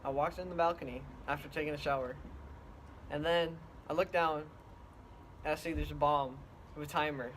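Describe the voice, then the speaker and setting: A man tells his part of the story in casual chat, pausing and restarting as he goes. His voice sits slightly high for a man. A faint hiss lies beneath. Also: fairly even intonation. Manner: halting, plain recounting with restarts.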